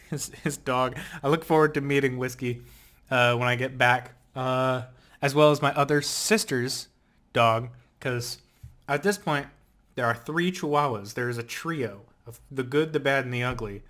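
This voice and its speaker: A young man casually rambling in a vlog, telling animated stories full of fillers and laughter. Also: medium pitch, moderate pace. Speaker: vlogger.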